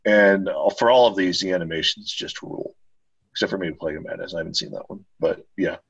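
Low husky man on a muffled mic. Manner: halting, restarts often. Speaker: podcast co-host. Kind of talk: casual chat about a card game. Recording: muffled dry lo-fi sound.

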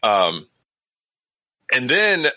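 A man recapping a movie in casual podcast chat, rambling with lots of fillers and quick acted-out quotes. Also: mid-range voice, huge pitch swings, sharp tone, dry recording. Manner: rambling, many fillers, acts out characters in quick voices. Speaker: podcast co-host.

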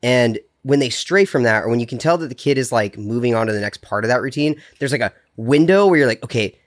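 A man co-hosting a podcast, his pitch swinging freely as he talks. He rambles through loose, filler-heavy chat and laughs often, sounding a little under the weather. His voice is close and dry, with no room sound. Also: expressive, fast, no room sound. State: slightly sick, may cough. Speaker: podcast co-host. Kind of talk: casual chat.

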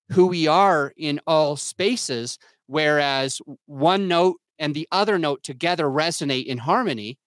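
A young man with a voice pitched a little high speaks earnestly and openly, often starting over as he searches for the right words. The sound is dry and close, with no room around it. He comes across as reflective and hard on himself. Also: no echo. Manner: earnest, searching, self-critical, restarts often. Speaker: podcast guest, entrepreneur and father. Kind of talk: candid reflective podcast talk.

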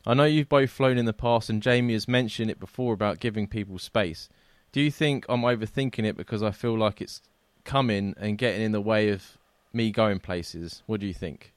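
A man's voice: fairly low pitch, brisk, hardly any pauses, dry recording. Chatty British man hosting a podcast. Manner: chatty, laughs often, says "you know what I mean". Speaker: podcast host. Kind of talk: casual podcast chat, reading listener emails.

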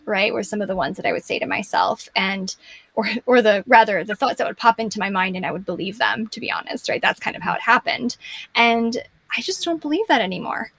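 A woman's voice: mid-range voice, fairly quick, fairly bright tone, no echo. A woman coach talking earnestly and reflectively as an interview guest, often checking in with "right?" and "you know".

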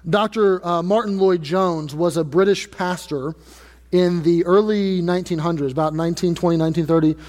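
A man's voice: high voice, fairly even intonation, moderate pace, darkish tone. A male pastor preaching a sermon, earnest and emphatic, building intensity through repeated phrases. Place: church sanctuary. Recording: church hall reverb.

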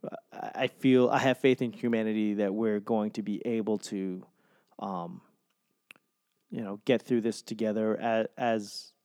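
A man's voice: lowish voice, fairly even intonation, unhurried, darkish tone, no room sound, studio quality. A young man hosting his own podcast, talking alone in a rambling, sentimental way, swearing casually and mocking himself. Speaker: podcast host. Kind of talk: solo podcast monologue.

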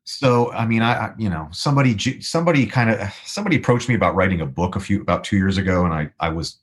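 Laid-back man with a low voice. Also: expressive, quick pace. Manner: rambling, laid-back anecdote with restarts and quoted dialogue. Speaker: guest musician. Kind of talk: casual storytelling.

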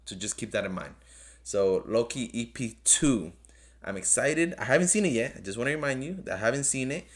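A man's voice: mid-range voice, expressive, fast, few pauses, fairly bright tone. A man hosting his own podcast, talking off the cuff in a rambling, earnest way that repeats itself, speaking English as a second language. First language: not English. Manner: earnest, pleading, repeats himself. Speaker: podcast host. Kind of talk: casual solo podcast review.

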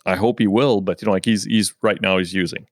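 A man's voice: deep voice, fairly even intonation, fairly quick, no room sound, clean studio sound. A man hosting a conversation who rambles, full of "you know, like" fillers. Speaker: host. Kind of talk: casual conversation.

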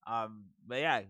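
A man co-hosting a podcast, hoarse from cheering, telling stories in a laughing, chatty way. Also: mid-range voice, sharp tone, no echo, studio quality. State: hoarse, losing his voice. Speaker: podcast co-host. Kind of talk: casual chat.

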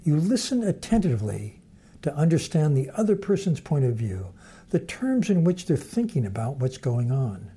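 Mellow, husky male lecturer. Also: a little high, big pitch swings. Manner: measured, explanatory. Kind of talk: lecture with storytelling.

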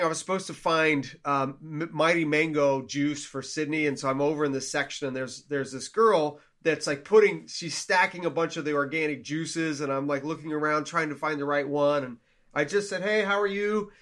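An animated young man is telling a story on a casual podcast. His voice sits a little high, and he slips into the voices of the people he quotes. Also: normal speed. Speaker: podcast co-host.

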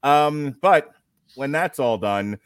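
A man's voice: medium pitch, animated, slow, clear, resonant tone, dry recording. Jokey man hosting a chat show. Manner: joking, laughs often while talking. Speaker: podcast host. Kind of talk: casual chat.

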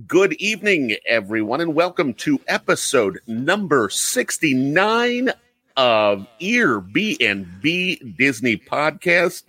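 A man hosts a casual podcast, trading friendly jabs with his co-host. His voice has a bright, forward edge. It sits dry and close, with a mid pitch for a man. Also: no echo. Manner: friendly, ribbing banter with frequent fillers.

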